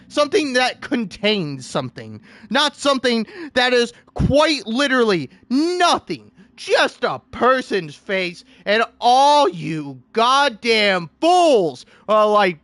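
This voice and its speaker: High-voiced man in an exasperated rant. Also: very animated, measured pace, hardly any pauses, dry recording. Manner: exasperated, theatrical, swinging between shouting and muttering. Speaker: online video creator. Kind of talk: comedic rant.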